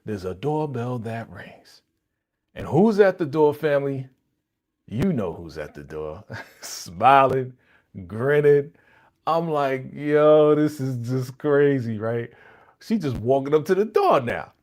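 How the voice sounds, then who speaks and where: Brief: expressive male stream host, pitch swinging widely, slangy, acts out quotes. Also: slow pace. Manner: animated and slangy, acting out characters' lines. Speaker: channel host reacting to a TV episode. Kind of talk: live reaction commentary.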